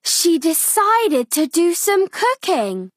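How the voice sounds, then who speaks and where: A woman reading a picture book aloud for small children, slow and expressive. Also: very high voice. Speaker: children's story reader.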